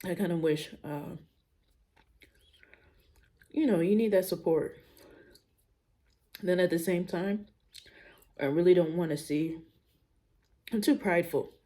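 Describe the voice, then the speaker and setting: Slow, mellow-voiced young woman vlogger. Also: fairly low pitch. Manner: candid, musing out loud, casual slang. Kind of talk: casual personal vlog talk.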